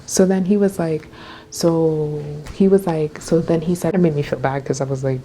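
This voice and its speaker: A young woman telling a storytime vlog, animated and chatty, full of fillers. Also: deep voice, moderate pace. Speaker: vlogger.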